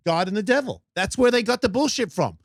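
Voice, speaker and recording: A man in his fifties with a fairly high voice, swearing freely as he rambles through a personal story on a podcast. The recording is dry and close, with no room sound at all. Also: animated, brisk, no room sound. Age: 50s. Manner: blunt, profane, rambling storyteller. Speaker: podcast guest. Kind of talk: casual storytelling chat.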